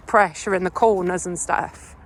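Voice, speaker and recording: A woman's voice: fairly low pitch, fairly even intonation, moderate pace. A woman chatting and laughing outdoors at a muddy race course, giving practical advice. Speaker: friend helping at the race. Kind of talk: casual chat.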